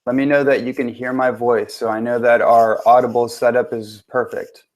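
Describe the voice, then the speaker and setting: A man's voice: medium pitch, little pitch movement, normal speed. A man, a transformation coach, hosting a live online webinar with an upbeat manner, greeting viewers and checking that they can hear him.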